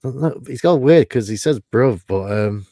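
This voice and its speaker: A man's voice: medium pitch, expressive, moderate pace, warm tone, no room sound, studio quality. A man from the East Midlands, co-hosting a casual chat in a rambling, laid-back way. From England, East Midlands. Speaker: co-host.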